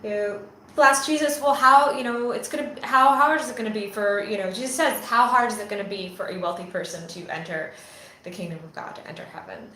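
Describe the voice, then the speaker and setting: A woman's voice: a little high, fairly quick, pushed and bright. A woman talking casually to camera from a phone on a selfie stick, rambling in a chatty way, with frequent fillers and restarts. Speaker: channel founder and ministry vlogger. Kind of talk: casual spoken reflection to camera. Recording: echoey room, faint background hum.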